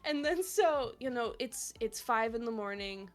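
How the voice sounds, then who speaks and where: A young woman co-hosting a casual chat, telling stories in an animated way and acting out the people in them. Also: on the high side, a little slow. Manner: animated storytelling, quotes people in lively voices. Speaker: podcast co-host.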